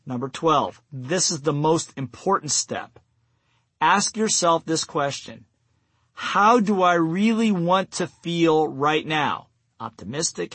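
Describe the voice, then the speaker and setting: A man's voice: fairly high pitch, fairly bright tone, breathy edge, no echo. A man giving a self-help talk on sales, running through numbered steps and acting out bits of quoted self-talk. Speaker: sales trainer.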